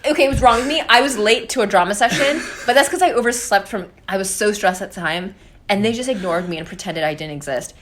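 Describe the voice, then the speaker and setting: A young adult woman, a podcast guest, telling animated stories in casual chat, full of laughs and fillers. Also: medium pitch, fast, slight background noise. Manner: animated storyteller, laughs often, filler-heavy.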